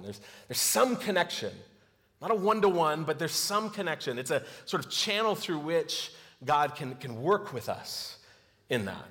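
Preaching man in an echoing hall. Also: fairly high pitch. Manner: storytelling, acts out scripture quotes with softer voice. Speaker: pastor. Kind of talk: sermon. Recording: long hall reverb.

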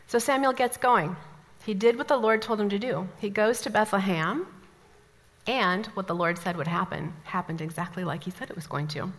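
A woman from the American Midwest teaching a Bible study, telling stories with lively asides. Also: medium pitch, moderate pace. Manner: animated storytelling, lively asides. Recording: long hall reverb.

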